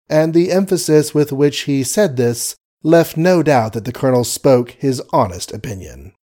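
Male audiobook narrator; measured, wry reading of period prose. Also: medium pitch, lively intonation, mellow. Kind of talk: scripted narration.

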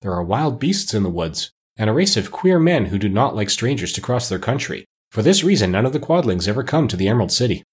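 A man's voice: fairly low pitch, sing-song, quick pace, few pauses, breathy edge. Man reading as a timid palace soldier. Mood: informative. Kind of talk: audiobook character reading.

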